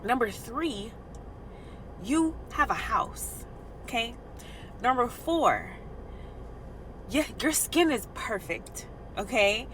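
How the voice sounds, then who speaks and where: A woman doing a higher, affectionate voice for a female therapist who lists her client's strengths. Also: big pitch swings, slow pace, pauses often, fairly bright tone, slight background noise, exaggerated voice, low-quality recording. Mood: admiring. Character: calm, encouraging female therapist.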